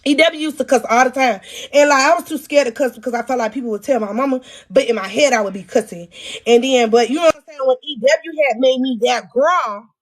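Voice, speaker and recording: A woman with a high voice tells a storytime to her viewers. She is crude and self-mocking. She speaks right to the camera and gets loud when she teases her younger self. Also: brisk. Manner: animated, loud bursts when teasing herself. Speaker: vlogger. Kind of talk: storytime vlog.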